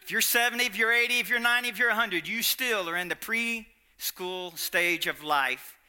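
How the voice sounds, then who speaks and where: A man's voice: sits high, moderate pace, sharp tone, smooth. A man preaching a sermon, emphatic, repeating his lines and quizzing the congregation. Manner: emphatic, repeats lines, asks the audience questions.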